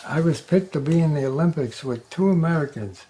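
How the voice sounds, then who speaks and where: Nonagenarian man, joke-telling guest, mellow warm timbre, wisecracking delivery. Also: on the high side, expressive, brisk. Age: 90s. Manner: wisecracking, chuckles at his own punchlines. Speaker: interview guest. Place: local TV studio.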